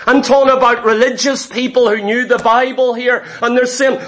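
A man preaching a sermon with forceful, emphatic delivery and repeated phrases. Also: very high-pitched, steady tone, moderate pace, few pauses.

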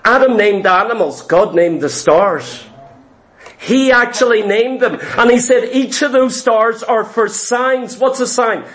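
A man's voice: high-pitched, expressive, measured pace, fairly bright tone. A man preaching a sermon, emphatic and full of repeated rhetorical questions.

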